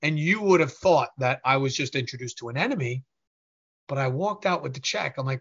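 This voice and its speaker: A man with a fairly high, bright voice tells a business story as an interview guest. He is animated and acts out the people he quotes. The audio is a bit dull and lo-fi. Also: normal speed.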